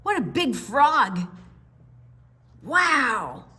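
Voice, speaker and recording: A woman's voice: high-pitched, sing-song, very slow, sharp tone, husky, voice pushed up, heavily acted. A woman voicing a chorus of bossy, know-it-all frogs in a chirpy, preachy way. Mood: smug.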